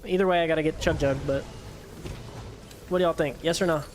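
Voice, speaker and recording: A young man live-streaming a video game, chatting casually with his viewers, swearing and yelling excitedly when things get tense. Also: fairly high pitch, a little fast, slight background noise.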